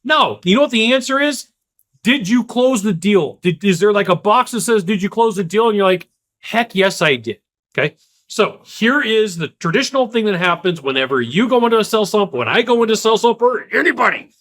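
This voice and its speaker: A man giving an energetic solo talk of sales advice, emphatic and repetitive, now and then acting out the quick voices of other people. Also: high voice. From Kentucky. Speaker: sales coach.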